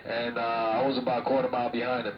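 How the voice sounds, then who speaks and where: A man's voice: mid-range voice, flat delivery, fast talker, muffled recording, a little hiss or hum. A man trash-talking over CB radio in a coarse, mocking way. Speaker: CB radio operator. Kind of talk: profane CB radio banter.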